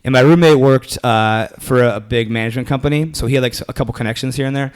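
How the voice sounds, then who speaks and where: A young man talks quickly, piling up fillers and restarts as he spins a story. His pitch sits in the middle for a man, and he tells it as a comedian in a loose, casual interview. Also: clean tone. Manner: rambling, animated, lots of fillers and restarts. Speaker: comedian guest.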